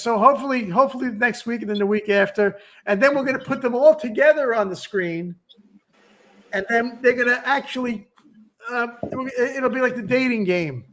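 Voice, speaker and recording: A man's voice: high-pitched, a bit bright. A man in his sixties hosting a podcast, chatting casually and rambling with restarts and asides. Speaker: podcast host. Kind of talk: casual chat.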